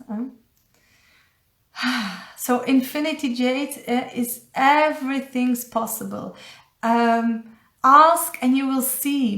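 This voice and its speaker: A woman with a Dutch accent, a spiritual coach giving a casual live card reading, halting and searching for English words. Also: a little high. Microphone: phone or webcam on a live stream. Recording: echoey room.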